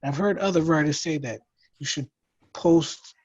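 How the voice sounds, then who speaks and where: A man's voice: fairly high pitch, a little mellow, breathy edge, no room sound. Hesitant man on dull dry call audio. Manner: hesitant, halting, many fillers. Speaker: workshop participant. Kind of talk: casual chat.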